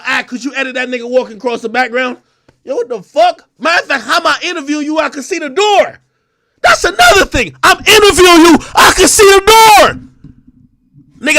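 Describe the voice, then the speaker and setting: High, bright-voiced man ranting hard. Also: creaky. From Jamaica. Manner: profane, aggressive, confrontational, often shouting. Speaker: host. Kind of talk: ranting livestream commentary.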